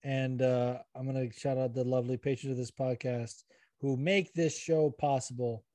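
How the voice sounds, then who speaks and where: A man's voice: medium pitch, fairly even intonation, normal speed, warm tone, no echo. A young man hosting a podcast in casual chat, rambling and self-deprecating, swearing now and then. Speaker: podcast host.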